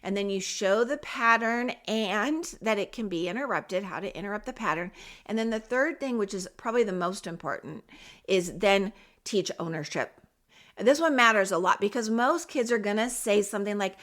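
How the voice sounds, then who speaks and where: A middle-aged woman hosts a parenting podcast, speaking directly to parents in a warm, encouraging, coaching tone. Her voice is mid-range and expressive, at a normal speed.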